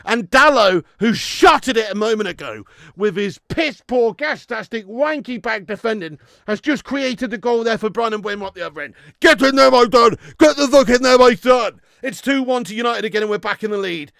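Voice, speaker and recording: A man hosting a live football watch-along, shouting at the players, swearing freely and chatting with viewers. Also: extremely high pitch, moderate pace, creaky, few pauses, dry recording, studio quality. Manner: excitable, sweary, shouts at the screen; reads out and answers viewer chat. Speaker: watch-along streamer host.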